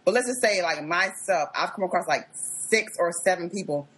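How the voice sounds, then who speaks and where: A woman's voice: on the low side, lively intonation, fairly quick, a bit bright, husky, low-quality recording. A woman co-hosting a casual hip-hop podcast, chatty and full of filler words. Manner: chatty, lots of filler likes and restarts. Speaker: podcast co-host.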